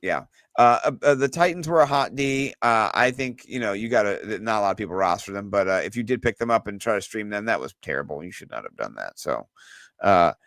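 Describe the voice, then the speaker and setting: A man co-hosting a sports podcast, talking excitedly and loosely, with lots of fillers and some swearing. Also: lowish voice, a little fast, gravelly, no echo. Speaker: podcast co-host. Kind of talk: casual sports chat.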